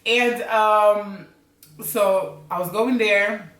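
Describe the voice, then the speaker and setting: A woman from Africa with an American accent, telling a story in a casual, slangy, animated way and laughing often. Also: mid-range voice, very slow. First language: Criollo. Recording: roomy, mic at a distance.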